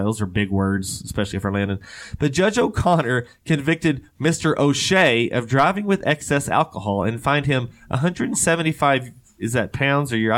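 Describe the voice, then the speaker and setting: A man, co-hosting a casual chat in which he reads odd news stories with joking, rambling asides and frequent laughs. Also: mid-range voice. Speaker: podcast co-host.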